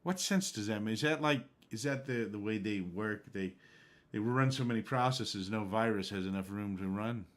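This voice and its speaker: A man's voice: fairly low pitch, moderate pace, few pauses. A man streaming a game, chatting casually and rambling from one topic to the next. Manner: rambling, conversational. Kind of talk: casual live-stream chat.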